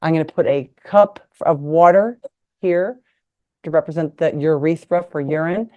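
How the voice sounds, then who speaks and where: A woman's voice: sits low, steady tone, normal speed, narrow, tinny audio. A middle-aged woman, a retired nurse and sex ed teacher, giving a frank, playful talk with props over a video call. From United States. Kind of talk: live online presentation with props. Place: indoors at a table.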